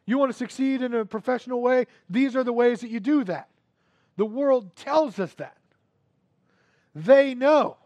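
Male preacher with a high voice, earnest sermon delivery, repeats phrases, drops to hushed asides then builds to loud emphasis, dry close sound. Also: measured pace, long pauses, dry recording. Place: church before a congregation.

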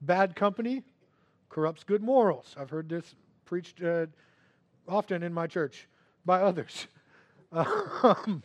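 A man preaching a sermon to a church congregation, earnest and repetitive, swinging between hushed asides and loud emphasis. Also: sits high, big pitch swings, slow, long pauses, no room sound.

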